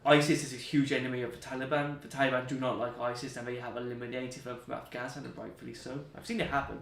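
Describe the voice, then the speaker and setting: A man's voice: mid-range voice, flat delivery, fast talker, creaky, a bit bright. A young man, an interview guest, telling rambling, joking stories full of slang. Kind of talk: anecdotal storytelling. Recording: roomy, distant mic.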